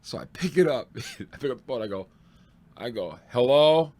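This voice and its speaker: A man, a stand-up comedian, telling road stories in a loose, excitable way, laughing and swearing as he goes. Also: fairly low pitch, fairly quick, husky. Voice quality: excitable, swears freely, laughs through punchlines. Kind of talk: animated storytelling.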